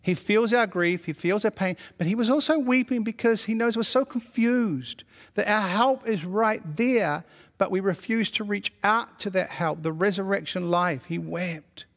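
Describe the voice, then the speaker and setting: High-voiced preaching pastor in a hall. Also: male voice, normal speed. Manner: preaching with repeated declarations, reading scripture aloud. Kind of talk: sermon.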